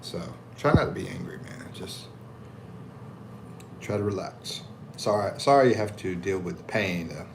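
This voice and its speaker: A man's voice: low-pitched, moderate pace, creaky, pauses often, slight background noise. An American man hosting a casual livestream, reading viewer comments and answering them in a laid-back way with frequent chuckles. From United States. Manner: laid-back, chuckling, reads comments aloud with animated voices. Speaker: livestream host reading chat. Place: at home in the Philippines.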